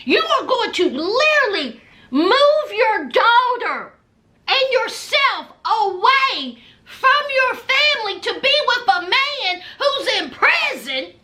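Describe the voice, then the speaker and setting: A woman's voice: extremely high pitch, very animated, slow pace, sharp tone. A woman, recapping a reality show in a blunt, sassy way to her viewers. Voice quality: thick accent. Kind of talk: casual recap vlog.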